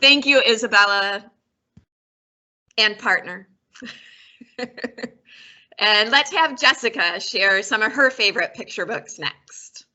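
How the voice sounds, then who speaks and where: A woman's voice: mid-range voice, takes it slowly, long pauses, sharp tone. A woman librarian hosting a casual chat and telling a short family anecdote. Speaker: librarian host.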